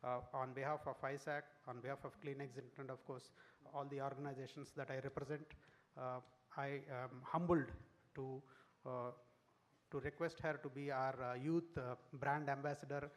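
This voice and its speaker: A man makes a formal speech at an event. He speaks haltingly, with plenty of fillers and restarts, at a middling pitch. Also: little pitch movement. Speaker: sponsor giving a speech.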